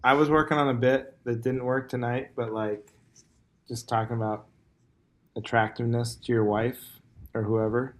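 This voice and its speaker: A man's voice: medium pitch, steady tone, moderate pace, long pauses. A man hosting a casual comedy podcast, rambling and joking with lots of fillers. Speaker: podcast host.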